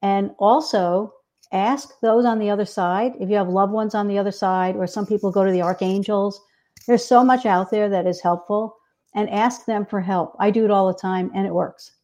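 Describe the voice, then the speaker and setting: A woman guest author speaks earnestly in an interview, offering heartfelt spiritual advice. Her voice is mellow and her pitch is mid-range. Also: steady tone, moderate pace. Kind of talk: interview chat.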